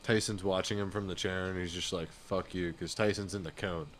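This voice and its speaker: A man's voice: low-pitched, fairly even intonation, fairly quick, fairly bright tone, slight background noise. A man chatting casually on a live flight sim stream, rambling and laid-back, often saying "dude" and "you know what I mean.".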